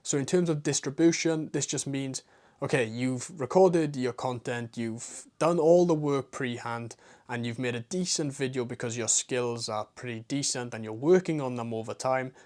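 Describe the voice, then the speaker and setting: A man's voice: mid-range voice, moderate pace, a little mellow. A man with a strong British accent giving a talking-head advice monologue as a business coach, blunt and casual, with swearing and slang and runs of rhetorical questions.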